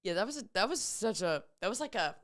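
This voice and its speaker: A woman from New Jersey co-hosting a morning radio show, chatting casually and telling animated stories. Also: medium pitch, fast talker.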